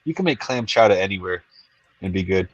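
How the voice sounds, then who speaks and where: A man's voice: low-pitched, expressive, a little fast, no echo, lo-fi sound. A man chatting casually as a guest on a video-call stream, easygoing and repeating phrases as he muses. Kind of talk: casual live-stream chat.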